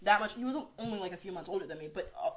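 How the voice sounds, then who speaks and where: A woman's voice: medium pitch, racing, crowd noise. Young woman gossiping about work. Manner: animated storytelling with frequent fillers and quoted asides. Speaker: podcast host. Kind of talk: casual chat.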